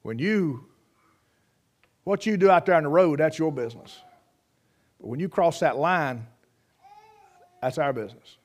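Folksy preacher, slightly high voice. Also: male voice, expressive, unhurried, pauses often, muffled recording. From United States. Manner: folksy storytelling preacher, homespun sayings, frequent restarts. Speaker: pastor. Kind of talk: sermon.

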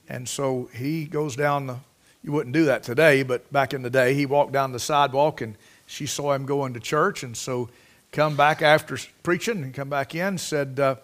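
High-voiced preacher. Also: male voice, steady tone, moderate pace. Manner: folksy storytelling, reading scripture aloud with emphasis. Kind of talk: sermon.

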